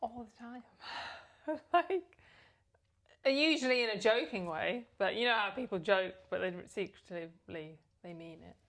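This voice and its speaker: A woman's voice: mid-range voice, expressive, measured pace, fairly bright tone. A woman from South Africa co-hosting a casual podcast chat, talking candidly and frankly. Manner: candid, frank, sometimes trailing off. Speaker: podcast co-host.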